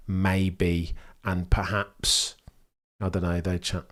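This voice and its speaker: A man doing live race commentary for his chat, slangy and sarcastic, swinging between excitement and dejection. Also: low voice, slow pace. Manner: exasperated, swings from animated to deflated. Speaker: streamer commentating a race watchalong.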